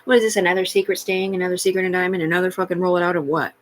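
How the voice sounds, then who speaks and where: A woman's voice: lowish voice, little pitch movement, rapid-fire, a little hiss or hum, rough recording. Agitated, profane woman livestreaming. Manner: profane, agitated, jumps between topics. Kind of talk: rambling live-stream monologue.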